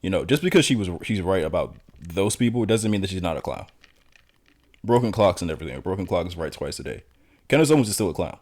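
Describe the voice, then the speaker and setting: A man's voice: sits low, very animated, fast talker, a little mellow. A man giving political commentary in a blunt, lecturing, confrontational manner.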